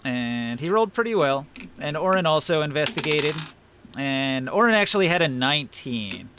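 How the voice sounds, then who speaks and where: A man narrating a tabletop role-play game as the game master, explaining scenes in a lively way. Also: fairly high pitch, moderate pace, noisy background. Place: home, streaming online.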